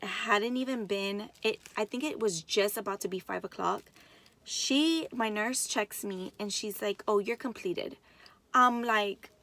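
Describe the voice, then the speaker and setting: Chatty young woman with a gravelly edge. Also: mid-range voice, a little slow. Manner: chatty, excited, keeps addressing viewers directly. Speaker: vlogger. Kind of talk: casual storytelling to camera.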